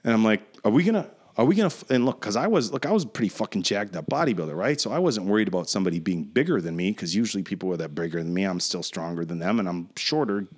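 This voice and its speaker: A man in his forties on a casual podcast telling a profane, animated story. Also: on the low side, racing, few pauses. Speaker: podcast host.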